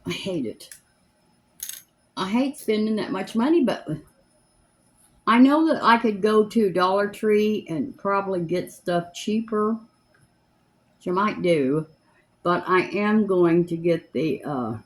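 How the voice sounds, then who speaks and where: A woman's voice: medium pitch, lively intonation, slow, pauses often. Chatty older woman. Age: 70s. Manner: chatty, rambling, homespun. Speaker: makeup vlogger. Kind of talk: casual chat while doing makeup. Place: home, seated in a chair.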